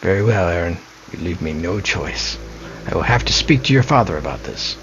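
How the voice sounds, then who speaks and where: A strict, proper mother from a game scolds her son in a reproachful tone, as a man reads her lines. The voice is pushed a little above his own low register. The mic sounds muffled and lo-fi. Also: animated, a little fast, background noise. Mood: stern. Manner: stern, reproachful.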